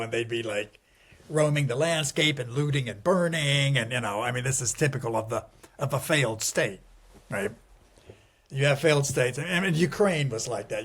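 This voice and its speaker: A man's voice: medium pitch, moderate pace, a bit bright. A middle-aged man being interviewed, talking casually with many restarts and wry chuckles at grim points. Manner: rambling, digressive, frequent restarts and "you know". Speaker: guest.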